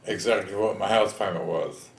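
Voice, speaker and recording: A man's voice: fairly low pitch, fairly even intonation, normal speed, creaky, reverberant. A man, telling his own story in a plain-spoken, folksy way in an oral history interview. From Texas. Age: 70s. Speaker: veteran interviewee.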